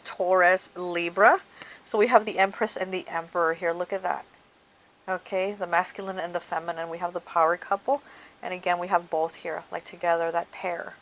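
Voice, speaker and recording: A woman with a fairly low voice gives a casual tarot reading to her viewers. She talks to them directly and chattily, dropping "okay" and "you know" as she goes. A steady hiss runs under the recording. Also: moderate pace, low-quality recording. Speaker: tarot reader.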